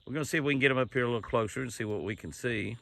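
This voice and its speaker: Gravelly folksy man. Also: mid-range voice, rapid-fire, fairly bright tone. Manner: folksy, coaxing deer in a sing-song call. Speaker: ranch owner and show host. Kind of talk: casual outdoor narration. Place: outdoors at a deer feeding spot.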